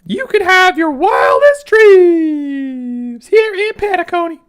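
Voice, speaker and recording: A man doing a very high-pitched impression of a male clock mascot who cheerfully insists nothing is wrong, stammering nervously through his welcomes. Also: big pitch swings, takes it slowly, fairly bright tone, exaggerated voice. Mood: nervous cheer. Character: chirpy male clock mascot hiding trouble. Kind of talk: livestream impression.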